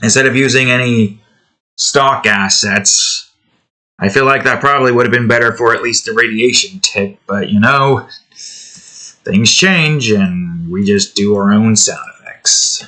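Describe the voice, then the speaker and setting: Slow, rambling young man chatting while drawing. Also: lowish voice, pushed and bright. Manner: rambling, self-correcting, trails off. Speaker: digital artist hosting a drawing series. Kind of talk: casual chat while drawing.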